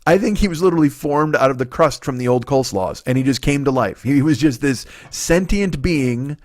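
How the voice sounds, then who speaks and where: A man in his forties hosting a comedy podcast, telling a story in a profane, animated, exaggerating way. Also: mid-range voice, a little fast, dry recording, studio quality. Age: 40s.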